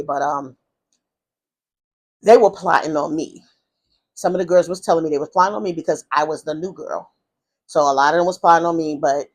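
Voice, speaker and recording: Rambling woman telling her life story. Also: deep voice. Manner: rambling, with many restarts and repeated "whatever the case may be". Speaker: vlogger. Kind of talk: storytime, casual personal storytelling.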